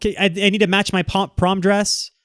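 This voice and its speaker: A man putting on the voice of a picky woman shopper, firing off quick fussy questions in a raised voice. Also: high-pitched, level tone, fairly bright tone, dry recording, studio quality, pitched above the performer's own voice.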